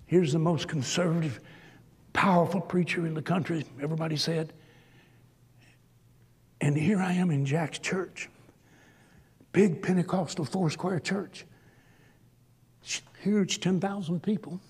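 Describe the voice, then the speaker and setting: A man's voice: fairly high pitch, fairly even intonation, measured pace, long pauses, darkish tone, breathy edge. A man preaching a sermon, telling stories and building to emphatic exhortation. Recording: long hall reverb.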